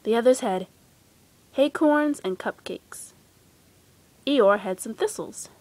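A woman with a fairly high voice reads a children's storybook aloud, gentle and expressive. The sound is dry and close, with no room echo. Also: slow pace. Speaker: storybook reader.

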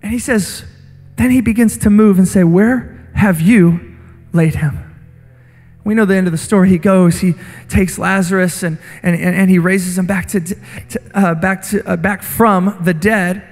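A man with a strikingly high voice preaches into a handheld mic, repeating phrases and rising to shouts as his sermon builds. His voice rings through a long church reverb. Faint music plays under him. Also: steady tone, moderate pace. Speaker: guest preacher. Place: church sanctuary.

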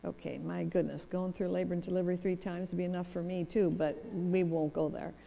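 Mellow woman telling stories in a church hall. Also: fairly low pitch, little pitch movement, brisk, creaky. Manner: anecdotal, acts out both sides of conversations. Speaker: guest speaker. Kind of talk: storytelling lecture.

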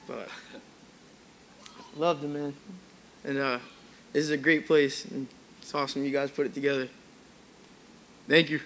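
A man's voice: a little high, a little slow, long pauses, a bit bright, a little hiss or hum. A man speaking at a friend's memorial service, telling a story casually and rambling with fillers. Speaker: friend giving a eulogy. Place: church hall.

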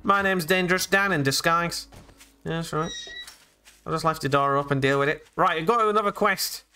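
A man's voice: a little high, normal speed, pushed and bright, clear, resonant tone. A man hosting a let's play video, chatting and joking his way through a game and talking to the characters. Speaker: gaming channel host.

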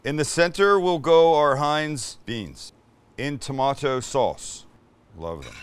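A man's voice: mid-range voice, animated, slow, clear, resonant tone, dry recording. A man from Canada, hosting a casual cooking demonstration in a home kitchen. He talks chattily and enthusiastically and swears now and then. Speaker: cooking show host.

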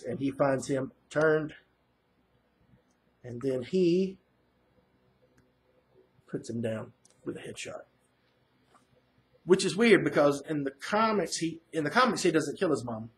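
A man giving a casual, rambling recap of a comic book issue as a reviewer, full of fillers and restarts. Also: a little high. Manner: rambling, filler-heavy retelling. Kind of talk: casual first-reaction recap.

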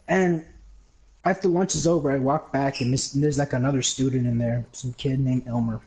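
A man's voice: on the high side, fairly even intonation, brisk, dark tone, low-quality recording. A young man casually telling a rambling story, laughing often, swearing and acting out the people he quotes. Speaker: livestream host.

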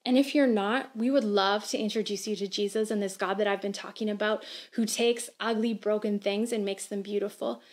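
A woman in her thirties preaching a sermon on a church livestream, earnest and conversational, asking gentle questions. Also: medium pitch, steady tone, fairly quick, few pauses. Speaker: pastor.

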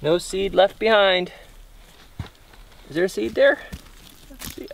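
A man's voice: sits high, a little slow, gravelly, a little hiss or hum. A man chatting goofily and cheerfully in a casual vlog while planting seeds in an outdoor vegetable garden. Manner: chatty, goofy, upbeat. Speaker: gardening YouTuber.

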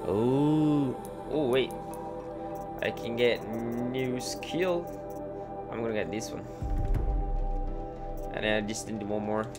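A man's voice: medium pitch, slow pace, pauses often, over loud music. A young man live-streaming a game, talking casually and in a laid-back way, muttering to himself and greeting his chat.

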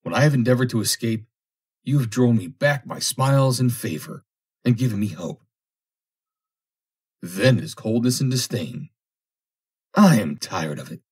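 A man's voice: medium pitch, animated, moderate pace, long pauses, darkish tone, breathy edge. A man reading aloud, voicing a jealous young man who pleads and then threatens. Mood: pleading. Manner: pleading and bitter. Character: jealous, possessive young man, obsessive suitor.

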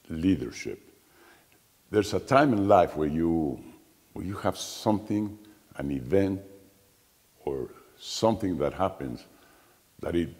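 Deep-voiced man. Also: dark tone. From Mexico. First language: Spanish. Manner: deliberate, halting with frequent fillers. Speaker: show host. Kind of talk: interview conversation. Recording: long reverb in the room.

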